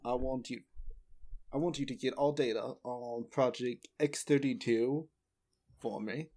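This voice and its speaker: A swaggering fixer with a put-on Southern drawl, played by a man at the game table. He talks smooth and slow and breaks into laughs now and then. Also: medium pitch, fairly even intonation, dark tone, natural voice. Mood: smooth-talking. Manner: laughs often, slips out of character.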